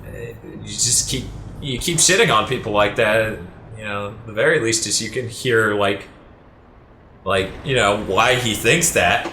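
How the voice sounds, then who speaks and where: A man chatting casually during a let's play, telling a story with lively, jumping delivery. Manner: animated storyteller, voice jumps high when retelling arguments. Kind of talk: casual group chat over gameplay. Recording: echoey room with faint noise.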